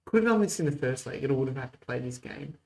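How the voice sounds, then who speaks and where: A man's voice: medium pitch, animated, fast talker, poor audio. Man giving casual game commentary. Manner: mock play-by-play, muttered asides. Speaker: host.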